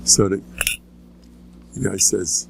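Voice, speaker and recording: A man's voice: deep voice, fairly even intonation, slow, gravelly, darkish tone, slight background noise. An older man, a rabbi giving an informal lecture, telling stories with joking asides and rambling restarts. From United States. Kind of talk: informal Torah lecture with anecdotes.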